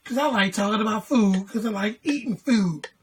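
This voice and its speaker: A woman's voice: mid-range voice, normal speed, slight background noise. A woman teaching a music lesson, patiently explaining note values and counting in before chanting syllables. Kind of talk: classroom lesson video.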